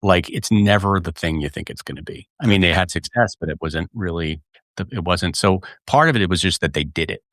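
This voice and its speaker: A middle-aged man with a low voice who talks quickly and earnestly as a podcast host. He restarts his sentences often and drops into animated asides. The recording is dry. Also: no room sound. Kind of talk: casual conversation.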